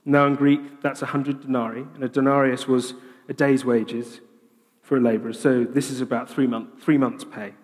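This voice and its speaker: A man preaching a sermon, animated and humorous, with lively voiced asides. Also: medium pitch, normal speed. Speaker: pastor. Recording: long hall reverb.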